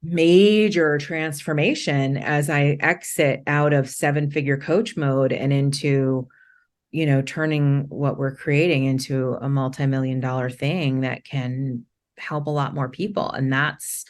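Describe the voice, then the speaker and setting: A middle-aged woman from Maine, a podcast guest telling her story candidly, rambling with many restarts and quick laughs. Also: sits low.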